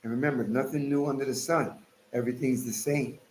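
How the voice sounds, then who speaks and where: A man giving an impassioned, casual religious monologue, swinging between loud outbursts and low mutters. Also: fairly even intonation, fairly quick, reverberant, slight background noise, poor audio. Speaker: religious commentator.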